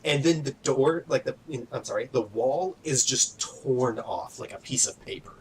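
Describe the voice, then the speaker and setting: A man's voice: medium pitch, normal speed, slight background noise, rough recording. A man narrating as game master in a casual, filler-heavy way.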